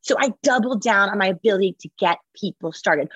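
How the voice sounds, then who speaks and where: A woman author and entrepreneur, speaking as an interview guest in an energetic, emphatic, motivational way. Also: mid-range voice, brisk, husky, dry recording, muffled recording. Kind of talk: conversational interview.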